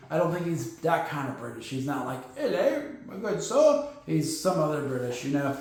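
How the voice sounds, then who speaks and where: Man, sports podcast host, league news rundown, punchy filler-heavy delivery, high voice, booming echoey room. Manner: rapid-fire, filler-heavy, punchy asides.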